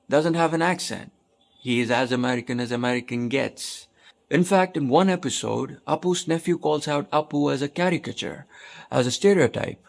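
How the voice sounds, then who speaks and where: A man's voice: mid-range voice, vocal fry. A man from India hosting a commentary show, talking in an emphatic, conversational way and asking rhetorical questions. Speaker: host.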